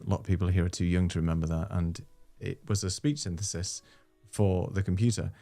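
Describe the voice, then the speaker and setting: A man's voice: low-pitched, steady tone, fairly quick, warm tone, faint music behind. A man hosting a casual live stream chat, easygoing and chatty with frequent fillers. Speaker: host.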